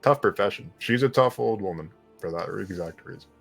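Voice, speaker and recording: A man's voice: lowish voice, lively intonation, fairly quick, gravelly, soft background music. A man running a live-streamed tabletop game as game master, casual and joking and swearing freely.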